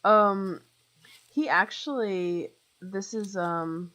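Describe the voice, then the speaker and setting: A woman's voice: medium pitch, drawn-out words, a bit bright, low-quality recording. A young woman live streaming a game, rambling chattily with lots of fillers and talking straight to her viewers. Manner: talks to chat viewers directly. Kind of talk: casual chat while playing.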